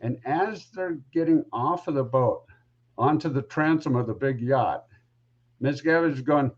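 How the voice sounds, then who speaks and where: A man's voice: medium pitch, unhurried, slightly rough, muffled recording. A man who is a podcast guest, telling a story casually and rambling with lots of asides.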